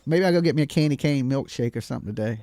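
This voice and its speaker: A man chatting casually on a live stream panel, talking in a fast, slangy way. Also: medium pitch, warm tone. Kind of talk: casual chat.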